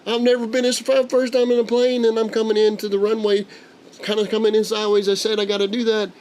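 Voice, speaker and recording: A man voicing a panicked young man flying a plane alone, speaking high, frantic and loud. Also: flat delivery, fast talker, lightly acted.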